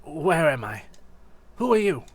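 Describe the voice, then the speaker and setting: A man's voice: a little high, sing-song, a little slow, pitched above the performer's own voice, heavily acted. A man voicing a young male ghost creature from a game, hesitant and polite, close to his own voice. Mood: unsure. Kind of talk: voicing game dialogue on stream.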